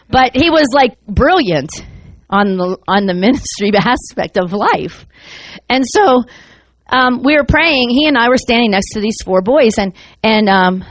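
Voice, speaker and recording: Animated woman preaching a story sermon. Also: on the high side, no room sound. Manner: animated, acts out voices in her stories.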